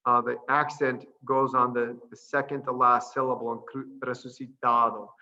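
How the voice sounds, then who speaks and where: A middle-aged man, a priest, talks casually over a video call. His voice is gravelly and bright, and he is chatty and quick to laugh. He slows right down when he spells out sounds, and the audio comes through dull and lo-fi. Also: medium pitch, flat delivery. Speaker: priest and missionary guest.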